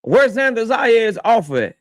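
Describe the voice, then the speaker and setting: High-voiced man in a heated boxing rant. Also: very animated, unhurried, no room sound, studio quality. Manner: confrontational, profane, repeats his points; addresses his target directly. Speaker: boxing channel host.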